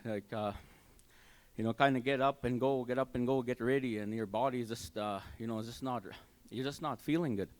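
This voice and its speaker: An older man gives his personal testimony at a church service, telling it in a halting, heartfelt way with many fillers and restarts. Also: medium pitch, steady tone. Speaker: church member giving testimony. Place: community hall church service.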